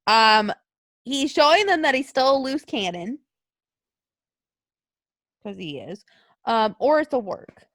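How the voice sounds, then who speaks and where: A woman's voice: on the high side, very animated, slow pace, pauses often, fairly bright tone, no echo. A woman co-hosting a podcast in casual chat, talking loosely with lots of fillers. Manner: chatty, lots of likes and ums. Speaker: podcast co-host. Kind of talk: casual chat about wrestling.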